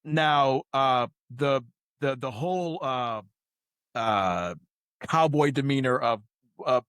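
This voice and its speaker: A man's voice: mid-range voice, takes it slowly, fairly bright tone, clean tone, no echo. Male podcast host, eager questioner, dry close sound. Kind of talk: casual interview questions.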